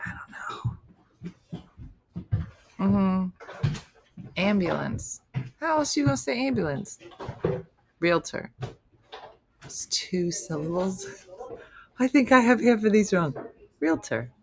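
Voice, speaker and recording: A woman's voice: medium pitch, animated, measured pace, pauses often, darkish tone, breathy edge. A woman hosting a casual morning show, chatting loosely and switching between tasks and asides. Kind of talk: casual chat while working.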